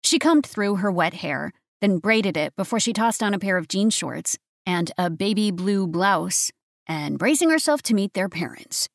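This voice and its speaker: A woman narrating a romance audiobook in a steady, even reading voice. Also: medium pitch, moderate pace, creaky, no room sound, clean studio sound.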